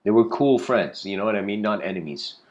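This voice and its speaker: A man's voice: on the low side, lively intonation, a little fast, a little mellow, dull audio. Male speaker, easygoing lecture delivery, loose and rambling. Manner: rambling, laid-back, says "you know" constantly, laughs often. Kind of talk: casual spoken lecture.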